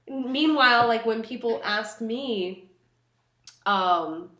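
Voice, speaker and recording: Slow-talking young Texan woman, echoey room. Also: a little high, sharp tone. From Texas, USA. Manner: laid-back, joking, laughs often. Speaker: podcast co-host. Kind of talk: casual chat.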